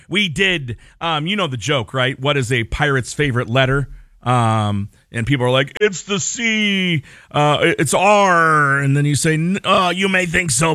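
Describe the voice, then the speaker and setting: A man's voice: mid-range voice, a bit bright, no echo. Rambling male radio host, dry studio. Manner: rambling, self-deprecating, filler-heavy. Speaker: radio morning show host. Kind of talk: casual radio banter and announcements.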